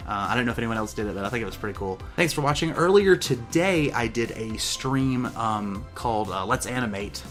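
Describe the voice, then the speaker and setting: A man's voice: medium pitch, lively intonation, brisk, hardly any pauses, fairly bright tone. A man hosting a casual how-to vlog in an upbeat, chatty way, joking about himself. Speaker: YouTube host. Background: music.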